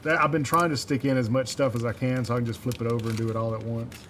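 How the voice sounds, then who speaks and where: A man with a soft Southern US accent talks in a loose, rambling way as he works on a livestream. He chuckles at himself often. His voice sits at an ordinary middle pitch, with a faint hum of room noise behind him. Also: fairly even intonation, fast talker. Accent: Southern US, mild Mississippi. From Mississippi, USA. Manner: rambling, chuckling, self-deprecating. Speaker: livestreamer building a synth module. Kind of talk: casual livestream chat while soldering.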